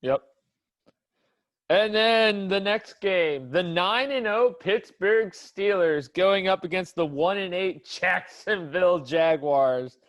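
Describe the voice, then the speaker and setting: Male co-host, slow, unhurried delivery, slightly high voice, easygoing. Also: fairly bright tone. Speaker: podcast co-host. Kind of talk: casual sports chat.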